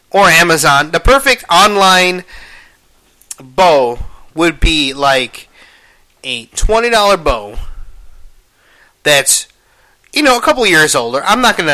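A young man hosting a podcast, rambling casually and cursing a lot, swinging between low mumbles and loud exclamations. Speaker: podcast host.

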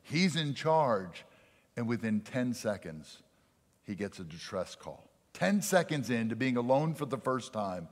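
A man's voice: mid-range voice, very animated, unhurried. Earnest preaching man in a reverberant hall. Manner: earnest preaching, dynamic volume, drops to quiet for emphasis. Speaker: pastor. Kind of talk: sermon. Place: church sanctuary.

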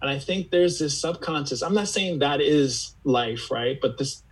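Male podcast guest, husky, earnest and searching, restarts phrases often. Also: fairly high pitch, a little slow, low-quality recording. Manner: earnest, searching, repeats words as he gathers thoughts. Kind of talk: reflective conversational interview.

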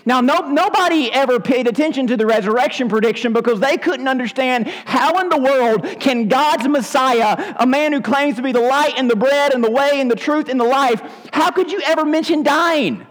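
A man preaching a sermon as pastor, animated and acting out scenes from scripture with shifting voices. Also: extremely high pitch, normal speed, hardly any pauses, big-room sound, low-quality recording. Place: church sanctuary.

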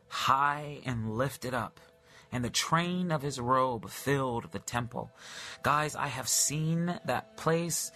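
During a live-streamed sermon, a man with a medium-pitched, pushed, bright voice reads scripture aloud. He delivers it fervently and drawn out, repeating phrases often.

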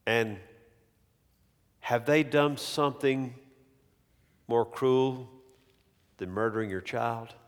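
A male preacher delivering a sermon slowly and emphatically, repeating key phrases for weight. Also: mid-range voice, steady tone, clear, resonant tone. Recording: long hall reverb.

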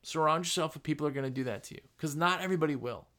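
Man, podcast host, casual motivational talk, animated, acts out others' voices, slightly high-pitched. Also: very fast.

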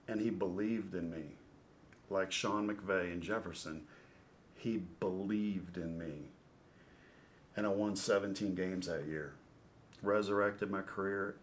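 A middle-aged man, a former ballplayer and podcast guest, telling an animated story. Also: deep voice, a little hiss or hum. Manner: animated storyteller who acts out scenes. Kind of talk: storytelling interview.

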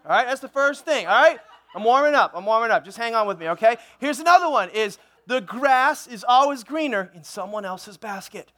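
A pastor delivers a sermon in a church sanctuary, joking around and spinning a comic story full of playful asides. His voice is very high and a little fast, and his manner is animated.

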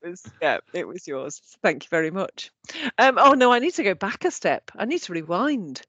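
Animated woman chatting. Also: fairly low pitch, moderate pace, slightly rough, no echo, highs cut off. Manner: animated, sweary, laughs often. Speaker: podcast co-host. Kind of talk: casual chat.

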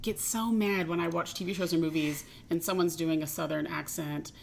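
A woman from Tennessee co-hosts a casual podcast. She speaks with no regional accent. Her voice sits lowish with a gravelly fry, and she rambles through fillers and side remarks. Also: fairly even intonation, normal speed, darkish tone, a little hiss or hum. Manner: rambling, full of fillers and asides. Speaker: podcast co-host. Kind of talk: casual chat.

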